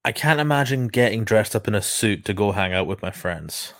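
Blunt, jokey low-voiced man. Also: lively intonation, fairly quick, dry recording, clean studio sound. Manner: blunt, jokey, swears casually. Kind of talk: casual chat. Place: lives in Scotland.

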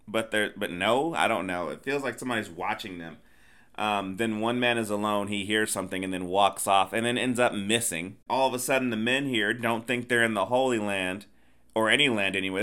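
Podcast dad recapping a weird movie, bright tone, lowish voice, does the characters' voices. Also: male voice. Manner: animated retelling, putting on voices for characters. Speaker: podcast co-host, the father. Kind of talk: casual movie review chat.

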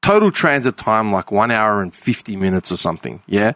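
A man's voice: lowish voice, very animated, brisk, sharp tone, no echo. A man with an Australian accent in casual chat, telling long stories and swearing freely.

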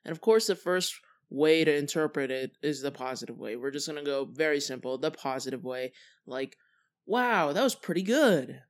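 A young adult speaks with a mid-range voice as the host of a casual solo podcast. The talk is relaxed and chatty, with frequent fillers. Thoughts trail off before the next one starts. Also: medium pitch, fairly quick.

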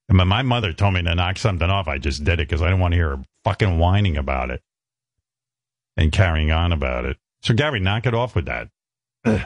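A man's voice: low voice, lively intonation, a little fast, no room sound, clean studio sound. Blunt, storytelling radio host, man. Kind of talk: casual radio talk.

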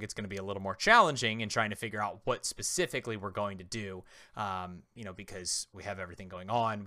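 Male podcast co-host in his 30s, teasing quizmaster, bright tone, dry close sound. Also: fairly low pitch, dry recording. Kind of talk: casual chat.

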